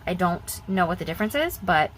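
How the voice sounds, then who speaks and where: A woman's voice: on the low side, expressive, fairly quick, noisy background. A young woman chatting casually in her vlog, rambling and repeating herself as she talks about budgeting. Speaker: budgeting vlogger.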